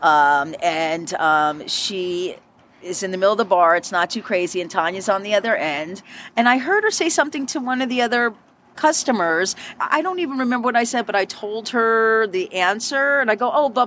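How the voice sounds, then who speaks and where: A woman's voice: moderate pace, a little hiss or hum. A woman, a former bartender, telling stories in an interview and acting out the people she quotes. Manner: animated, acts out quoted voices with sharp pitch jumps. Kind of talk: storytelling interview.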